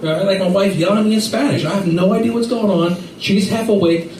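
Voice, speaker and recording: A man doing a stand-up set, telling rambling stories in an animated way with silly voices. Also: high voice, a little fast. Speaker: stand-up comedian. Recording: echoey room from far off with faint noise.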